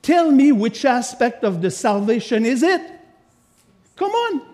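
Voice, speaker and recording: High-voiced, playful male preacher. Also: measured pace. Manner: animated and playful, joking with the congregation; reads scripture aloud with emphatic asides. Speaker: guest preacher. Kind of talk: sermon. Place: church sanctuary.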